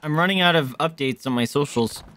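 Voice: medium pitch, fairly quick, a bit bright, soft background music. A gamer in casual banter on a co-op stream, teasing the partner and swearing freely. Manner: joking, teasing, frequent swearing.

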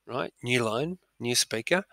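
A man's voice: mid-range voice, expressive, unhurried, gravelly, pushed and bright, dry recording. A man teaching a dictation lesson to pupils, upbeat and chatty, with frequent ums between his instructions. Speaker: primary school teacher. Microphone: recorded audio, speaker not seen.

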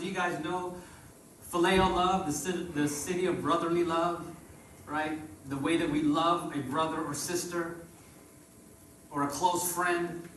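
A pastor preaches a sermon in an echoey church sanctuary, his voice on the high side and sharp, with a little hiss or hum. He uses call-and-response, rising and dropping in volume, recorded from far off with roomy church echo.

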